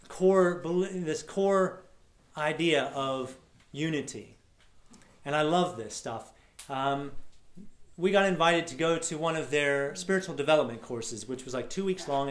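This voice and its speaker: A man giving an energetic, casual storytelling talk to a live audience at an event. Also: on the high side. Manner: energetic, casual, swears now and then. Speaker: workshop speaker. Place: large room at a live event. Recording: echoey room sound.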